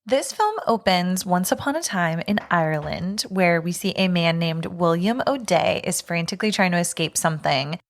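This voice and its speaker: A woman's voice: lowish voice, animated, moderate pace, few pauses, slight background noise. A young woman co-hosting a podcast, chatting casually, laughing often and sharing fun facts. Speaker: podcast co-host.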